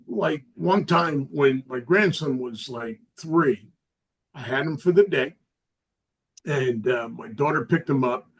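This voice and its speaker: An older man doing a stand-up comedy set, a self-described lovable curmudgeon delivering dry, deadpan jokes about family. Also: medium pitch, slightly rough, rough recording. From Southern California.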